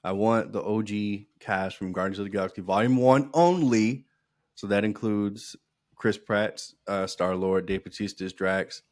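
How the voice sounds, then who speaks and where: A man co-hosting a podcast in casual chat, animated, swearing freely and laughing often. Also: lowish voice, a little slow, dry recording, clean studio sound. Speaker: podcast co-host.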